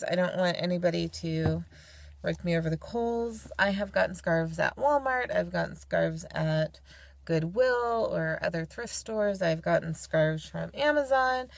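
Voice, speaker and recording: A woman's voice: fairly low pitch, gravelly, dry recording. A young woman from California giving a casual how-to tutorial at home, chatty and homey with playful asides. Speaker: vlogger demonstrating head covering.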